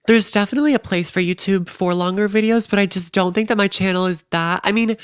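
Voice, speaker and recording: Smooth-voiced young woman, upbeat chatter. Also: medium pitch, fast, dry recording, studio quality. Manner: chatty, upbeat, casual slang. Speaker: podcast co-host. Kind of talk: casual chat.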